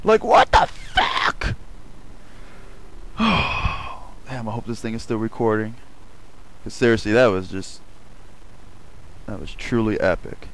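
A man giving live gameplay commentary, excitable and swearing freely. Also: lowish voice, measured pace, pauses often, low-quality recording. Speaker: gamer.

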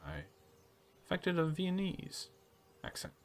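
A man hosting a relaxed let's play, reading story text aloud and chatting about his choices. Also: high voice, takes it slowly, soft background music. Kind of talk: casual gameplay commentary reading game text aloud.

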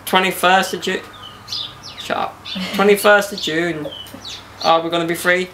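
A man's voice: sits high, little pitch movement, measured pace, background noise. A young man hosting a casual podcast outdoors in a garden, bantering and joking with slang. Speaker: podcast host.

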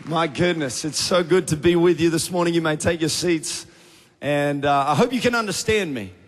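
A man's voice: fairly high pitch, moderate pace, a faint crowd. A man with an Australian accent, a youth pastor preaching and leading prayer with energy. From Australia (Tasmania). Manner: energetic, rising to fervent prayer. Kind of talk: sermon with prayer. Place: large church auditorium. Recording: big church hall reverb.

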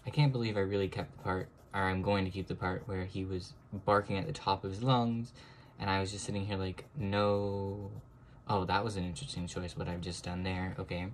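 A man's voice: a little fast, a little hiss or hum. Chatty self-mocking young man drawing. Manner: chatty, self-mocking, bursts into high excited exclamations. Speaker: drawing vlogger. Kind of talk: casual chat while drawing.

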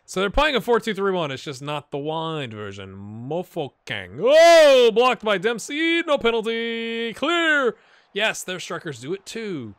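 A man giving casual, animated commentary while playing a football management game, cheering on and talking to his players. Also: fairly high pitch, normal speed, dry recording. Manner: animated, talks to his players, puts on silly voices.

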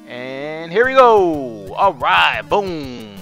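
Excitable young man with a lively voice. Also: medium pitch, measured pace, soft background music. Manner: excitable, chatty, talks to viewers as y'all, swears. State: hoarse from screaming. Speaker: gaming channel host. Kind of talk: live gameplay commentary.

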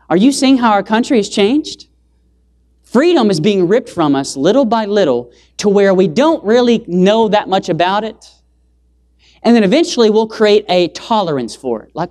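Male preacher, sermon delivery in a church, punchy rhetorical questions, big jumps in pitch and volume for emphasis. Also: big pitch swings, moderate pace. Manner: swings pitch and loudness for emphasis. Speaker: evangelist preacher.

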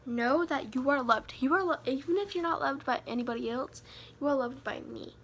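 A woman's voice: sits high, a little fast, a bit bright, a little hiss or hum. A teenage girl giving rambling, self-mocking advice in a casual vlog, giddy from too much sugar. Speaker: vlogger.

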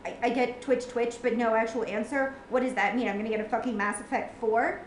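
A woman's voice: a little high, steady tone, brisk, a little hiss or hum. A woman in a home room, venting in an exasperated, sarcastic rant full of swearing on a gaming reaction vlog. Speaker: gamer reacting to a game ending. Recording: echoey room.

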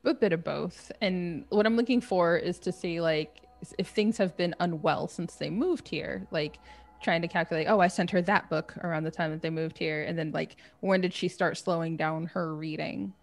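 A woman sits in on a tabletop game, working through her questions aloud with many likes and ums. Her voice is lowish with a gravelly edge. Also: moderate pace. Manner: thinking aloud, hesitant. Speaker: player. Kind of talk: casual tabletop play.

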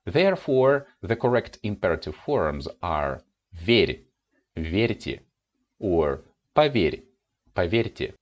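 Man, Russian accent, Russian language teacher, low voice, lively intonation, slow careful delivery. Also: highs cut off. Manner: slow, careful explanation with clearly pronounced example words. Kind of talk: grammar lesson.

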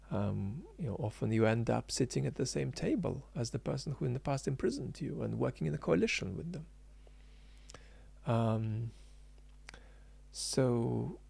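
Guy doing political commentary, gravelly voice, dry close sound, lots of ums. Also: mid-range voice, warm tone, no echo. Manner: thinking aloud with frequent ums and restarts; emphatic, argumentative. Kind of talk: unscripted commentary.

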